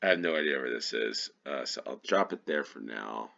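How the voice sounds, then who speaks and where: A man's voice: rumbling low, lively intonation, normal speed, creaky, few pauses, sharp tone, dull audio. A man from New York with a Western New York accent, thinking aloud while playing a geography guessing game, hesitant and full of ums. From New York, USA. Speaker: GeoGuessr channel host. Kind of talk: casual gameplay commentary.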